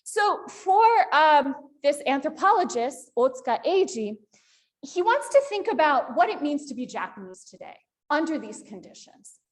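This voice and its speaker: A woman's voice: sits high, normal speed. A woman lecturing at a university panel, asking the audience questions as she goes. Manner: animated, asks the audience questions.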